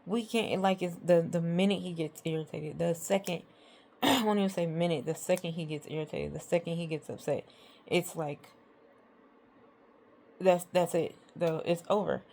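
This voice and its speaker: A woman's voice: lowish voice, normal speed, gravelly, darkish tone. A woman vlogger telling a storytime about arguments with her partner, rambling and exasperated as she retells what was said. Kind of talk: casual storytime monologue.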